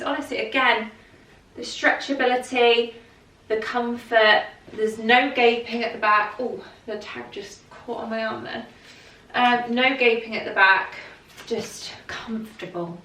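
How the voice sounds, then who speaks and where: A woman's voice: fairly high pitch, a little slow, sharp tone. A woman vlogger in a casual try-on chat, rambling and full of fillers, sounding congested from hay fever. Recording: roomy echo, mic at a distance.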